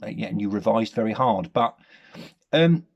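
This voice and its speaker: A man giving a rambling, hesitant comic monologue, deadpan and full of ums. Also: lowish voice, moderate pace, gravelly, highs cut off. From Nottingham, England. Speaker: comedy character monologue.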